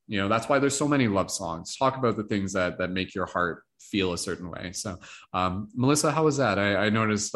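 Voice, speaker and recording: A man's voice: fairly low pitch, fairly bright tone. A man hosting an online workshop, chatting casually over a video call, rambling with plenty of fillers. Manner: rambling, full of fillers like "like" and "you know". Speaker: workshop host.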